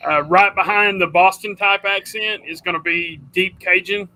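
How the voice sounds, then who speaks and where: Bright, high-voiced chatty man host. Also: steady tone, normal speed, rough recording. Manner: rambling, chatty, says dude a lot. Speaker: livestream host. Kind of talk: casual livestream chat.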